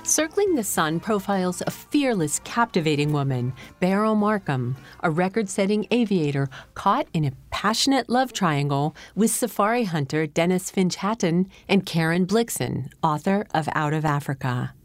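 A woman host introduces the next book in a measured, scripted way. Her voice is lowish yet lively, with faint music underneath. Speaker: radio book program presenter. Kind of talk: scripted presentation.

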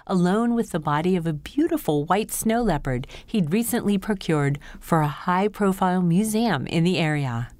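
A woman host presenting book summaries in a clear, steady scripted read. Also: on the low side.

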